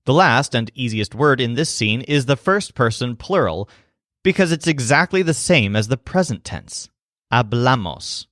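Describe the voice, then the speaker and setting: A man teaching a language lesson, calmly explaining through scripted mnemonic stories. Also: mid-range voice, moderate pace, no echo, studio quality. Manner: calm explanatory storytelling.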